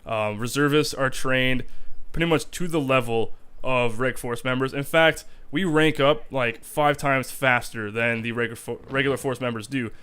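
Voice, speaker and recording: A man's voice: medium pitch, moderate pace, a bit bright, clear, resonant tone. Profane, rambling young man. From Canada. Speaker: army reservist vlogger. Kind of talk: casual vlog rant.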